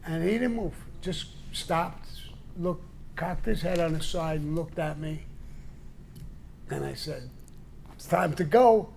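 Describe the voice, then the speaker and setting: A man's voice: a little high, fairly even intonation, takes it slowly, long pauses, a little hiss or hum. An older man telling stories in a blunt, profane way and acting out the people in them, on a casual live show. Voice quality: gravelly. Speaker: show guest storyteller. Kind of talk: casual storytelling.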